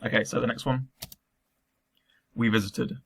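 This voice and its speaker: A man's voice: medium pitch, steady tone, a little slow, creaky, a bit bright, husky. A man teaching a recorded remote lesson, explaining patiently step by step with frequent ums.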